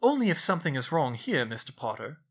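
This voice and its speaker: A man's voice: medium pitch, very animated, fast, breathy edge. A man reading a story voices a stern, dignified older woman professor with a formal, commanding manner.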